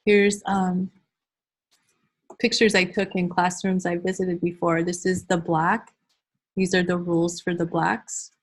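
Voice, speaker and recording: A woman's voice: fairly low pitch, unhurried. Middle-aged woman teaching an online class. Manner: animated, demonstrates classroom routines in a teacherly sing-song voice. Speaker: early childhood behavior trainer. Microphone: computer mic on a video call.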